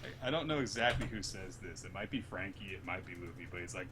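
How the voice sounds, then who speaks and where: A man casually recapping a manga chapter, retelling scenes and acting out the characters' lines in an animated way. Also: low voice, fast talker, few pauses, slight background noise. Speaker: podcast co-host.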